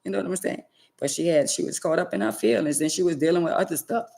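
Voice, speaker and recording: A woman's voice: sits low, fast, creaky, dark tone. A woman talking straight to her viewers in a preachy, scolding way, hammering points home by repeating them. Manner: emphatic and scolding, repeats phrases for effect. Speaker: vlogger. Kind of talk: preachy direct-to-camera talk.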